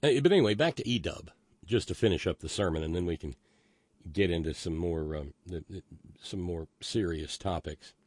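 Male podcast host, deep-ish voice, sardonic and profane, rambling, dry close sound. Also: expressive, normal speed, a little mellow, no echo. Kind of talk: casual political commentary.

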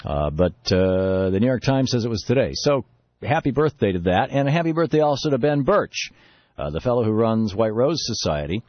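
A man hosting a talk radio show in a relaxed, chatty way, laughing easily. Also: medium pitch, a little fast, dry recording. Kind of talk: casual talk radio chat. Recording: dull lo-fi radio broadcast.

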